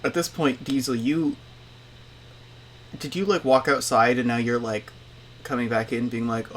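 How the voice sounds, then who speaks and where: A man running a tabletop game in a relaxed, chatty way, peppering his narration with "like" and "uh". His pitch sits right in the middle, with a faint hiss in the background. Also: moderate pace. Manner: casual, filler-heavy narration. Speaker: game master.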